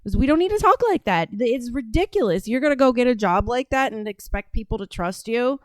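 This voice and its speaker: A woman's voice: fairly high pitch, lively intonation, a little fast, no echo. A woman from Atlanta hosting a podcast, talking casually and bluntly with lots of profanity while reacting to clips. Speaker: podcast host. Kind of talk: casual commentary on played clips.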